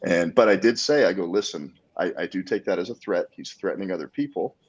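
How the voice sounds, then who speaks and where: A man talking casually as a podcast guest, an animated storyteller who acts out the people he quotes. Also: low voice, fast talker, husky, highs cut off. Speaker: guest, jiu-jitsu black belt.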